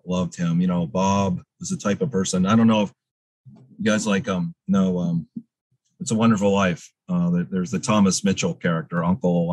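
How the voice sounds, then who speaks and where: A man's voice: sits low, a little mellow, dry recording, poor audio. A man guest in a casual interview, telling rambling stories full of fillers and restarts.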